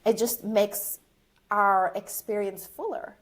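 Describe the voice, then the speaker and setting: A woman's voice: mid-range voice, fairly even intonation, slow pace. A woman with a mixed, partly Australian accent, a guest on a podcast, explaining her ideas with enthusiasm. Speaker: branding guest. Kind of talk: casual podcast conversation.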